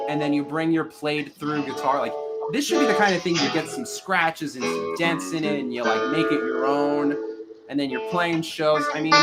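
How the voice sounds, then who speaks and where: Male store host, higher-pitched voice, casual product-demo banter, self-mocking sales humor.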